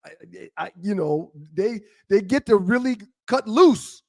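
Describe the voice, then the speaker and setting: A man co-hosting a talk show, telling stories with halting restarts. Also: sits high, lively intonation, dry recording. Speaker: co-host. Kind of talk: casual storytelling chat.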